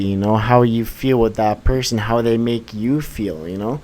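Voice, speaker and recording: A young man in casual chat, agreeing warmly and swearing casually, calling people bro and dude. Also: medium pitch, moderate pace, poor audio. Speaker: podcast co-host.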